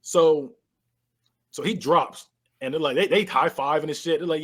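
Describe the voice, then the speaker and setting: A man co-hosting a podcast, casually retelling a movie scene by scene and acting out the characters' lines with lively voice changes. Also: fairly high pitch, normal speed, breathy edge. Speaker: podcast co-host. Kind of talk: casual movie recap chat.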